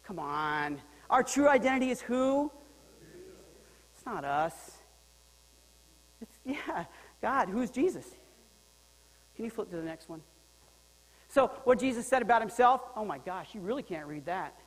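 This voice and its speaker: A male pastor preaching a sermon in a lively, joking way, swinging between loud and quiet. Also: high voice, unhurried, long pauses, in a large hall, rough recording. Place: church sanctuary.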